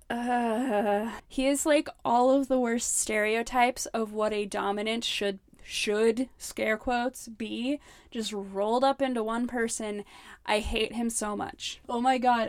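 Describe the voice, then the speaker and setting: A young woman rants on her book-critique podcast, sarcastic and exasperated, padding her talk with "like" and the odd curse. Her voice sits a little high. She sounds close and dry on the mic, with no room around her. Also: dry recording. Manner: sarcastic, ranting, many "like" fillers, swears. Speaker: podcast host. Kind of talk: casual comedic book critique.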